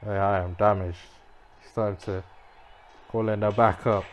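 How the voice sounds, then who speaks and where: A man giving muttered, reactive commentary as he plays a wrestling game, now and then breaking into frustrated shouts. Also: lowish voice, steady tone, normal speed, highs cut off, a little hiss or hum. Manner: reactive, muttering to himself, bursts of frustrated yelling. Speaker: gamer playing a wrestling game. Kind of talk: live gameplay commentary.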